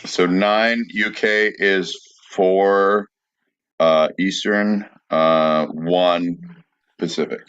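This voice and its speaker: Deep, slow-talking man on a lo-fi line. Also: steady tone, a bit bright, clear, resonant tone. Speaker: podcast host. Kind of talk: casual chat.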